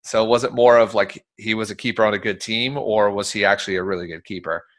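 Male podcast host, lowish voice, casual and opinionated, runs the sports chat with plenty of fillers. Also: steady tone, fast, a bit bright.

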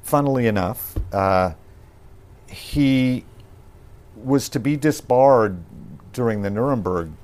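A man being interviewed on a podcast, talking in a thoughtful, measured way with frequent pauses and restarts. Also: mid-range voice, a little mellow.

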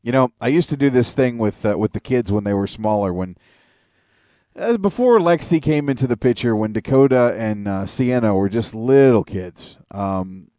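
A man co-hosting a casual podcast, swearing often and telling stories in an animated way. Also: mid-range voice, normal speed, no echo. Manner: profane, animated storytelling. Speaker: podcast co-host.

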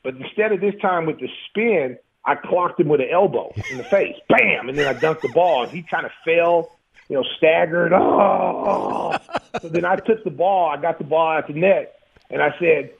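A man in his fifties, a former pro basketball player, telling profane, animated stories in an interview with frequent laughs over a phone-like line. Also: fairly high pitch, fairly quick, gravelly, husky. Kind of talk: casual storytelling interview.

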